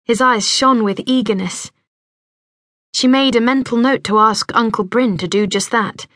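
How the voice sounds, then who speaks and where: A woman reading an audiobook in scripted narration, measured and gentle, close to a studio mic. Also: fairly high pitch, no room sound.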